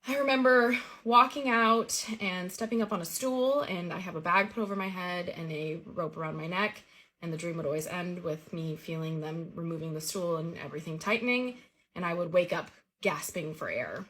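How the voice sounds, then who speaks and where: A woman's voice: fairly low pitch, moderate pace. A woman earnestly recounting a vivid personal dream story in a casual way. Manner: earnest, vivid retelling with lively quoted dialogue.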